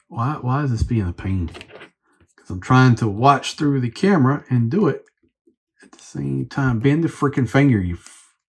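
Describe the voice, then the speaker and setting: Husky-voiced man rambling through a toy review. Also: medium pitch. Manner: rambling, thinking aloud while fiddling with a toy. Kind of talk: casual unscripted review.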